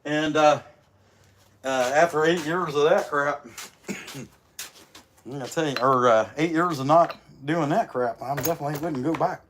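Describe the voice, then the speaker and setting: A man chatting casually during a livestream as he works, his voice slightly rough from a recent illness, rambling and folksy. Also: a little high, normal speed, pauses often, fairly bright tone, slight background noise. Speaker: chainsaw carver hosting a livestream. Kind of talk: casual livestream chat while working.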